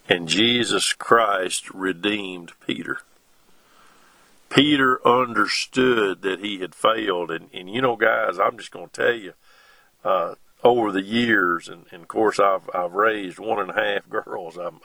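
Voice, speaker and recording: A middle-aged man, preaching a sermon in a slow, folksy way with homespun asides between scripture readings. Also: deep voice, pushed and bright, no room sound.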